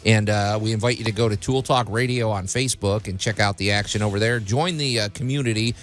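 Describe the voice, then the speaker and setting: A man's voice: lowish voice, fast, soft background music. A man hosting a casual radio talk show, rambling with many fillers and restarts.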